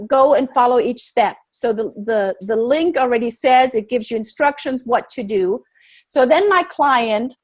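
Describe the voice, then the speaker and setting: A woman teaching a live webinar, energetic and quizzing her audience with questions. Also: fairly high pitch. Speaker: webinar presenter.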